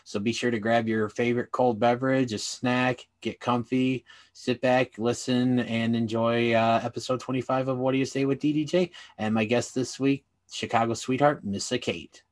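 A man's voice: mid-range voice, flat delivery, normal speed. Easygoing man hosting a podcast. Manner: easygoing, with many "uh" fillers and restarts. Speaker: podcast host. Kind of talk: casual interview hosting.

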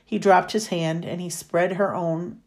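A woman reading a novel chapter aloud in a steady storytelling manner. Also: on the low side, unhurried. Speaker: reader.

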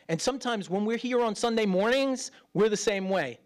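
A middle-aged man preaching as a pastor in a chatty way, acting out quoted voices and swinging between loud and hushed. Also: high-pitched, animated, brisk, hardly any pauses. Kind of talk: sermon.

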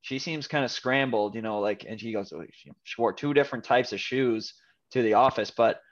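Speaking fairly quickly in a mid-range voice, a male podcast co-host retells a TV episode in loose, casual chat. He fills it with restarts and filler words, and the recording has its highs cut off.

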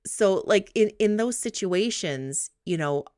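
A woman co-hosting a podcast, telling stories in an animated, chatty way. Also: medium pitch, a little slow, no room sound, clean studio sound. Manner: chatty, animated storytelling with laughs. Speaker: podcast co-host. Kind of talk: casual chat.

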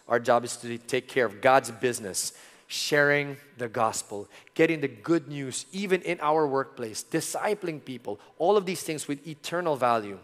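A middle-aged man preaching a sermon, earnest, moving from loud emphasis to soft, intimate tones. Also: mid-range voice, expressive, normal speed. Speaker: pastor. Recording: long hall reverb.

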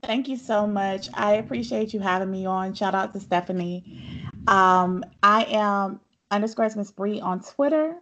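A woman's voice: mid-range voice, fairly bright tone, dull audio. Frank woman in her thirties, guesting on a podcast. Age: 30s. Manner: frank, candid, quick to laugh. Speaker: podcast guest and fellow podcast host. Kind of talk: casual podcast chat.

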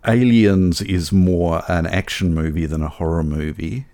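A man with a very deep, low voice co-hosts a film podcast. He chats casually and pokes fun at himself, restarting and repeating words as he goes. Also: steady tone, unhurried, mellow. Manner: chatty, self-deprecating, repeats words. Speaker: podcast co-host.

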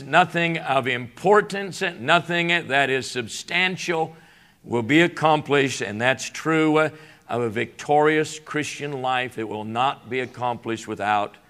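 A man preaching live in a church, his voice high, bright and smooth though still in its morning voice. He halts often with fillers, then presses his points with force. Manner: halting, many uh fillers, rising to emphatic preaching. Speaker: guest pastor. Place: church sanctuary.

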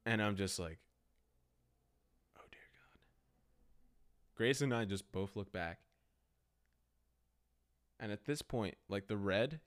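Young male podcast host with a low, animated voice, spinning a rambling casual story full of fillers. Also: clear, resonant tone. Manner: rambling, animated, heavy use of "like".

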